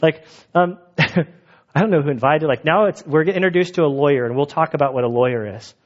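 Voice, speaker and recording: Male pastor, relaxed joking sermon delivery in a church; a touch high-pitched, muffled sound. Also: brisk. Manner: casual, joking, conversational. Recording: dull lo-fi sound.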